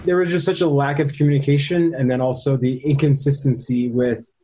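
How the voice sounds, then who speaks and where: A man's voice: mid-range voice, level tone, brisk, mellow. A man, a father being interviewed, speaking in a frustrated, pointed way.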